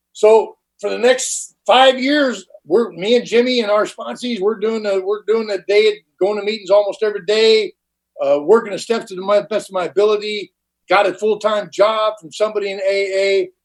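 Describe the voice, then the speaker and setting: An older man, high-pitched for a man, telling his recovery story in a blunt, candid way. He talks in plain slang and restarts his sentences often. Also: low-quality recording. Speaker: recovery meeting speaker. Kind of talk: personal recovery testimony. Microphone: online conference talk.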